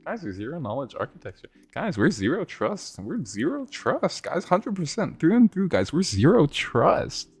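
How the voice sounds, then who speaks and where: A man's voice: fairly high pitch, big pitch swings, normal speed, few pauses, breathy edge, dry recording, voice pushed up, heavily acted. A man putting on the voice of a smug, defensive corporate spokesman, in a mocking sing-song.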